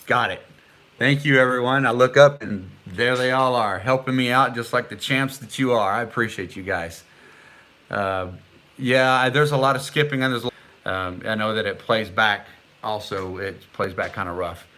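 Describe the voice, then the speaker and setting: A middle-aged man talks on a casual live stream, chatting with viewers and reading their comments aloud. His voice sits at an average pitch with a bright, forward tone. He stumbles through foreign words, trying them slowly and haltingly.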